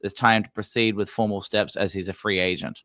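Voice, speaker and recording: A man's voice: on the low side, steady tone, a little fast, pushed and bright, no room sound. A man co-hosting a casual live-stream football chat, easygoing, chuckling often, trailing off and correcting himself mid-sentence. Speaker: fan channel co-host.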